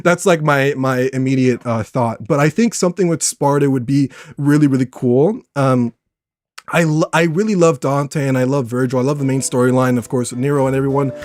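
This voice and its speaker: A young man live-streaming from his home room, rambling excitedly to his chat with a slightly worn voice. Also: medium pitch, fairly quick, dry recording, clean studio sound. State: voice getting worn.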